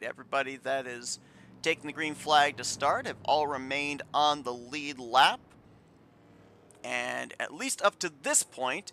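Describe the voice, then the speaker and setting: A man's voice: on the high side, bright, forceful tone, smooth. A man calling a sim racing broadcast, steadily explaining replays and standings as play-by-play commentator.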